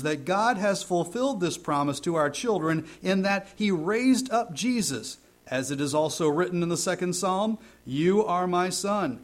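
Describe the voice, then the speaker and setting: A man preaching a sermon, emphatic, slowing and swelling on key phrases, with mocking asides. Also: on the high side. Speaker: pastor.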